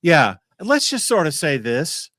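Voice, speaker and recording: A man co-hosting a livestream who speaks in a measured way and pauses on fillers as he explains. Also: a little high, huge pitch swings, a bit bright, dry recording, clean studio sound. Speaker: livestream co-host. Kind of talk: casual chat.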